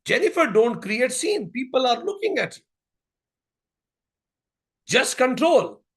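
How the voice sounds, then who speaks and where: A man's voice: sits high, expressive, measured pace, a bit bright, voice pushed up, exaggerated voice. A man voicing an irritated young mother who keeps scolding herself in exasperation. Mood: exasperated.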